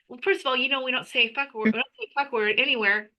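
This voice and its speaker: A woman guest telling her personal story in an emotional, animated way, full of restarts. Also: fairly high pitch, fast, low-quality recording. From United States. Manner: animated, breathless retelling with restarts.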